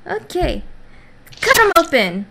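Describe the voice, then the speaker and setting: A woman's voice: extremely high pitch, sing-song, slow pace, gravelly, very noisy. A woman gamer giving goofy, playful let's-play commentary, humming silly noises as she plays. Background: game music.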